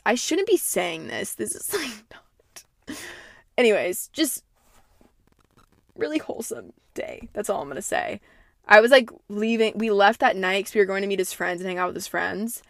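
A woman's voice: mid-range voice, gravelly, fairly bright tone, no echo, clean studio sound. A young adult woman hosting a podcast in casual solo chat, rambling, swearing freely and speaking candidly. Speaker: podcast host.

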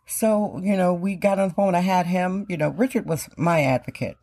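A middle-aged Wisconsin woman hosts her own podcast in a casual monologue, her lowish, gravelly voice carrying a darkish tone at normal speed. She talks emphatically, repeating phrases for stress.

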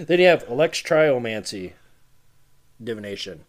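A man's voice: medium pitch, big pitch swings, takes it slowly, slight background noise. A man in casual podcast chat, telling a story with swearing and frequent laughter. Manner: storytelling, profane, laughs often. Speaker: podcast co-host.

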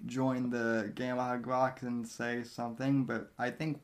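A man hosting a podcast, signing off in a slow, wry show-host manner. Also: mid-range voice, flat delivery. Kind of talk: casual chat and sign-off.

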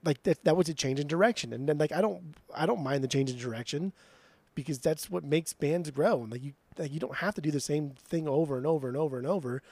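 A man's voice: quick pace, darkish tone, dry recording. A man co-hosting a music podcast, ranting in mock outrage and swearing often as he argues over album rankings. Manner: swears a lot, mock-outraged rants, mimics his co-host in a higher voice. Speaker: podcast co-host. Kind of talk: casual heated music chat.

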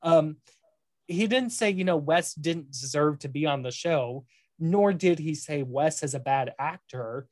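A podcast co-host in casual chat, opinionated and animated, with many fillers like "you know" and "um". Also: mid-range voice, a little slow, no echo.

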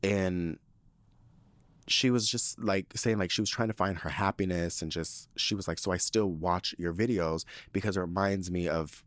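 A man's voice: sits low, normal speed, fairly bright tone, dry recording. A man hosting a podcast, reading listener letters aloud in a chatty, campy way full of fillers. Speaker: podcast host.

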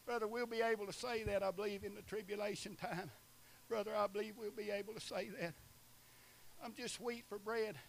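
A preacher from Eastern Oklahoma who swings between shouted, chanting preaching and quieter asides with short laughs. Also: male voice, sits high, steady tone, fast talker, creaky, a little hiss or hum. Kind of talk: sermon.

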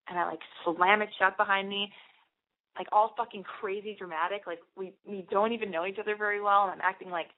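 A young woman hosting a podcast, rambling through a candid personal story with lots of "like" and fillers. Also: medium pitch. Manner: rambling, confessional, heavy use of "like". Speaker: podcast host. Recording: phone-like narrow band.

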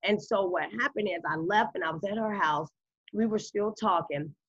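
A woman with a husky voice tells her story in a casual interview, acting out quoted lines with sudden leaps in pitch. The audio is slightly dull and lo-fi. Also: normal speed. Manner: animated, acts out quoted dialogue with big pitch jumps. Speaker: guest.

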